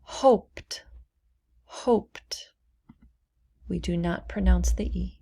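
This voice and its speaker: Young woman teacher, unhurried and clearly articulated, for beginner pronunciation drills. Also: fairly low pitch, dark tone, whispered. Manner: over-articulates each word, repeating it twice. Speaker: English teacher. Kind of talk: slow, deliberate pronunciation lesson.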